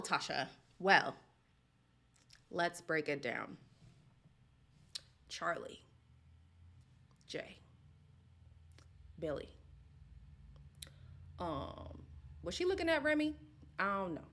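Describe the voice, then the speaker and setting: A woman's voice: on the high side, takes it slowly, long pauses. Woman host, casual commentary, sassy and direct, voice swinging up and down a lot. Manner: animated, sassy, talks straight to viewers. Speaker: reality TV commentator. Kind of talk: casual chat.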